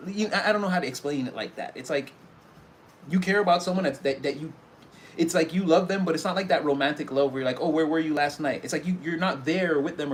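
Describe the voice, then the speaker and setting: A man's voice: on the high side, a little hiss or hum. A man giving a casual spoken tarot reading, rambling and loose, with many fillers and restarts. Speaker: tarot reader.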